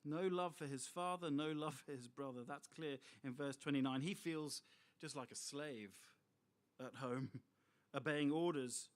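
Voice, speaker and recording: Man, preacher, middle-aged, fairly high voice, expressive, rhetorical asides. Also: measured pace. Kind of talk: sermon.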